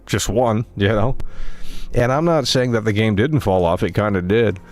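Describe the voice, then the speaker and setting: A man's voice: fairly low pitch, normal speed, a little mellow. A male gaming streamer talking casually on a live stream, rambling and matter-of-fact while he calls on viewers to engage.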